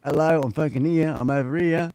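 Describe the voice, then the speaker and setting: Boisterous Australian man with a high voice. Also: fairly even intonation, brisk, slight background noise. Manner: loud, boisterous and profane, sometimes shouting. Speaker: livestream guest. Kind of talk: rowdy livestream chat. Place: home studio.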